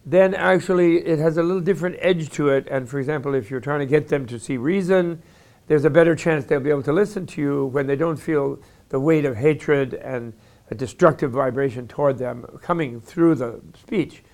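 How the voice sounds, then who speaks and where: A man giving an earnest, measured talk on spiritual ideas. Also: a little high, darkish tone.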